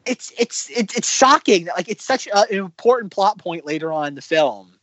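A man co-hosting a casual film podcast, talking excitedly with lots of fillers and restarts. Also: high voice, moderate pace, no echo. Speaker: podcast co-host.

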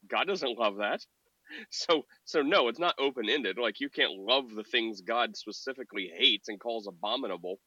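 A man co-hosting a podcast in casual, opinionated chat, mocking opponents with a put-on high voice. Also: normal speed, sharp tone, husky, no room sound, dull audio. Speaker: podcast co-host.

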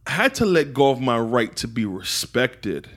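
A man from England with an American accent, a guest telling his story in a relaxed, reflective way and often saying "man". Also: medium pitch, normal speed. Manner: laid-back, reflective, peppers talk with "man". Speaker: podcast guest, poet and entrepreneur. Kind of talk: casual conversational interview.

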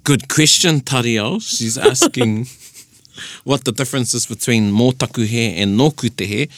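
Here the New Zealand host talks at a measured pace in a medium-pitched, animated voice, patiently walking listeners through points of Māori language on casual radio. He restarts often and uses many fillers, and there's no room sound.

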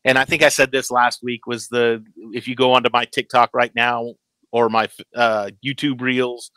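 Animated, bright-voiced man, stammering host. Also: mid-range voice, moderate pace, clean tone, dry recording, rough recording. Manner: animated, stammers, acts out quotes. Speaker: podcast host. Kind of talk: casual chat about a TV episode.

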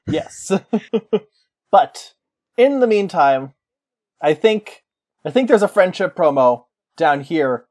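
A man co-hosting a casual comedy podcast, joking and laughing often, sometimes rattling off rapid patter. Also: on the high side, very animated, a little mellow. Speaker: podcast co-host.

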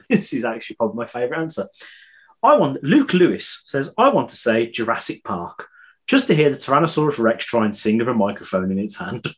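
A man's voice: mid-range voice, big pitch swings, fairly quick. A man hosting a podcast, chatting casually and reading out listener answers, laughing between lines. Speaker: podcast host.

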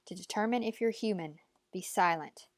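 A woman's voice: medium pitch, moderate pace, no room sound, clean studio sound, close to an everyday voice. A woman reading an audiobook, voicing a stern, cold, commanding old woman who speaks in clipped, imperious lines. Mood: menacing.

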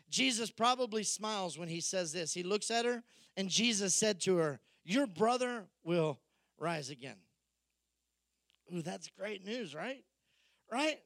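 A man delivers a sermon in a high, bright voice. He slips into quoted voices to act out the people in the story, animated and conversational. The sound is close and dry. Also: no room sound. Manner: animated, acts out Bible figures in quoted voices. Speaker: pastor.

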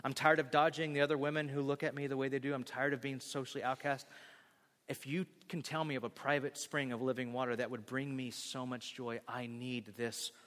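A man voicing a weary outcast woman who pleads for water, his voice growing soft, in a hall with a long reverb. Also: medium pitch, flat delivery, brisk, pitched below the performer's own voice, lightly acted. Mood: pleading.

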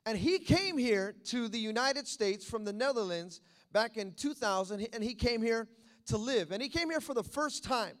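A man with a notably high, light voice, telling a story from the pulpit. His delivery is animated and repetitive, and he keeps slipping into the voices of his characters. It sounds like a casual sermon given to a congregation in California. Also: moderate pace. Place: California church.

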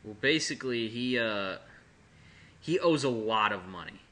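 A man's voice: lowish voice, expressive, unhurried, sharp tone. A man in casual podcast chat, joking and rambling with frequent restarts.

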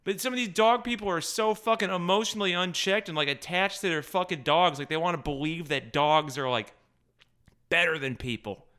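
A man's voice: high-pitched, a little fast, bright, forceful tone, clean tone. A man ranting in an exasperated, sarcastic way, swearing constantly and stumbling over restarts when worked up. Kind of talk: profane comic rant.

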